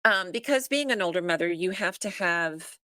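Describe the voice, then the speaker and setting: A woman's voice: on the low side, expressive, moderate pace, sharp tone, clean tone, no room sound. A middle-aged woman who is a podcast guest, chatting casually and acting out family dialogue as she tells a story.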